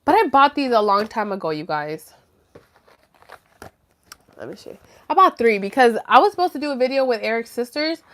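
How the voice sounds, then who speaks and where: A woman's voice: on the high side, very animated, normal speed, pauses often, fairly bright tone. A woman hosting a casual live stream from home, chatty and rambling, swearing freely. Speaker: livestream host. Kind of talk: casual livestream chat.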